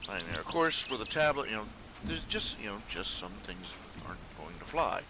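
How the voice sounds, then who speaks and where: A man talking to his viewers from his computer at home, casual and meandering, full of fillers and restarts. His voice sits a bit low. A steady noise runs under the recording. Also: moderate pace. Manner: rambling, hesitant, many fillers and restarts. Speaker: webcomic artist streaming live. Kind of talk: casual live-stream talk to viewers.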